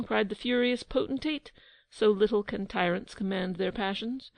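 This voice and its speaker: A woman narrating a children's audiobook in an expressive storytelling manner. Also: medium pitch, moderate pace, no room sound, poor audio. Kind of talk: scripted narration.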